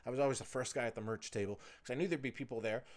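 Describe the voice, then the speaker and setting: A man's voice: medium pitch, very fast. A man in his forties hosting a solo podcast, telling stories in a loose, profane, chatty way. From United States. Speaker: podcast host. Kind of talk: rambling solo podcast storytelling.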